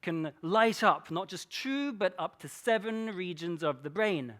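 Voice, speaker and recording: High-voiced man giving a playful talk. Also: expressive, a little slow, a bit bright. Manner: playful, engaging, with rhetorical questions. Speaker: keynote speaker. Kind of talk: conference talk.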